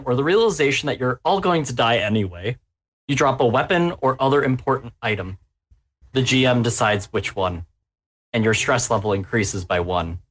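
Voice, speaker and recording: A man's voice: mid-range voice, a bit bright. A man running a tabletop horror game as game master, narrating with obvious glee at the players' danger. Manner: gleeful, relishing the players' peril.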